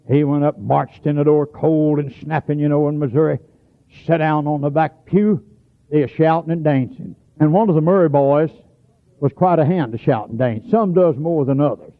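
A man preaches a folksy storytelling sermon, his voice sitting a little high for a man. He swings from plain talk into sudden shouts. The sound is tinny and narrow, like an old radio broadcast heard over a phone.

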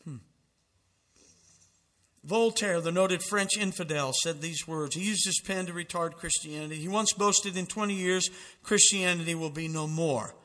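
Fervent high-voiced male preacher. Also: normal speed, sharp tone, in a large hall. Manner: fervent, emphatic preaching with dramatic quotations. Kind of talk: sermon.

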